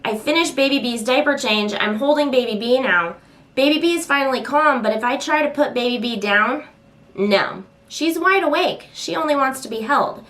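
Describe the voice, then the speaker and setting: Chatty, exasperated young mom vlogger. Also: female voice, moderate pace, fairly bright tone. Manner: chatty, exasperated, acts out voices in high squeals. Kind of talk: casual venting vlog.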